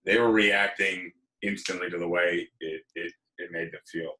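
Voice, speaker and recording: A man's voice: sits low, moderate pace, slight background noise. A man hosting a casual livestream chat, telling stories animatedly and acting out the people he quotes. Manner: animated storyteller, acts out quotes. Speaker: podcast host.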